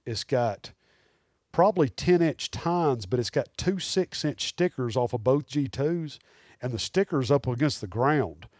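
A man, telling animated, rambling hunting stories as a podcast guest. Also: medium pitch, measured pace, dry recording, clean studio sound. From Alabama. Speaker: guest taxidermist. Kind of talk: casual storytelling in a podcast interview.

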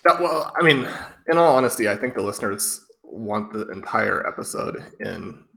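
A man's voice: lowish voice, expressive, normal speed, vocal fry, pushed and bright. A man co-hosting a podcast, easygoing and conversational as he moves into analysis. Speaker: podcast co-host. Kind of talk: casual podcast chat.

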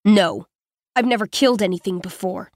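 A woman's voice: medium pitch, normal speed, a little mellow, no room sound, studio quality, natural voice. A woman voicing a big, proud teenage boy. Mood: sneering. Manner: sneering, then stammering in disbelief.

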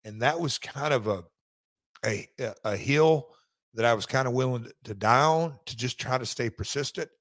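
A man's voice: mid-range voice, normal speed, fairly bright tone, no room sound. A man being interviewed, telling a long story in a casual, rambling way with many restarts and asides. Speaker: wrestling executive guest.

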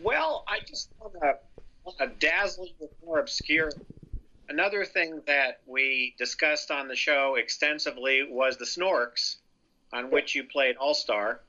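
Bright, sharp-toned male co-host. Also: a little high, measured pace, highs cut off. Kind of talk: radio interview.

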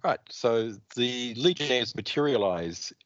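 A man hosting a casual comic book podcast, reading out credits and panels in an animated storytelling manner, with a dull, dry recording sound. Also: medium pitch, unhurried, no room sound. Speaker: podcast host.

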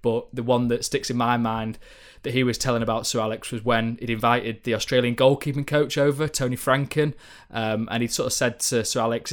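Chatty football writer, middle pitch. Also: male voice, fairly even intonation, a little fast. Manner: chatty storyteller, many ums and restarts. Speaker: football correspondent. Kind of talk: podcast chat.

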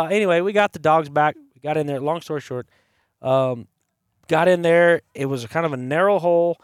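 A man's voice: a little high, brisk, no room sound, studio quality. A man telling a long hunting story in casual chat as a podcast host, acting out the voices of people he quotes. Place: campside.

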